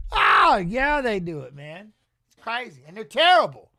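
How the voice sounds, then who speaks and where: Middle-aged man, high voice, loose animated storyteller, dry studio sound, casual swearing host. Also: creaky, no echo. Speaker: watch-along host and former fighter. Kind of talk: casual chat reading live chat.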